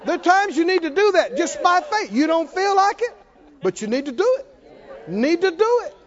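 A male preacher delivering a sermon, exhorting his listeners and breaking into shouted laughter. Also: very high voice, very animated, moderate pace, muffled recording, a faint crowd.

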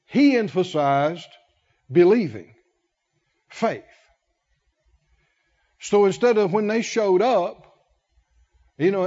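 Male preacher, high-pitched, slow and emphatic, pausing on repeated words. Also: a little mellow, muffled recording. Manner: emphatic, repeats key words with long pauses. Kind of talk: sermon.

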